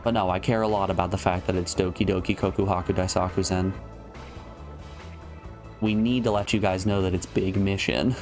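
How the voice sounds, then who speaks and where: A man's voice: deep voice, fairly even intonation, a little fast, darkish tone, faint music behind. A man streaming a video game, joking and thinking aloud in casual commentary.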